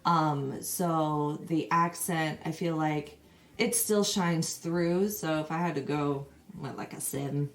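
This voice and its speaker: A woman's voice: low-pitched, slow pace, reverberant. A woman with a Southern twang, an actor on a podcast, talking in an easygoing way and laughing often. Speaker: actor guest. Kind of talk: casual podcast chat.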